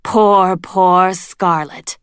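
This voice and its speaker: A woman's voice: lowish voice, fairly even intonation, drawn-out words, clear, resonant tone, no echo, studio quality. Woman doing a biting scornful dragon mother. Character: stern bitter adult female dragon.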